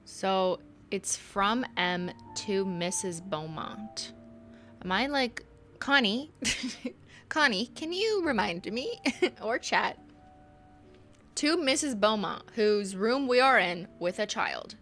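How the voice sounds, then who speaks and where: A woman's voice: medium pitch, expressive, slow pace, fairly bright tone, soft background music. A woman streaming a game, chatting casually, laughing often and reading the game text aloud. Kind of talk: casual gameplay commentary.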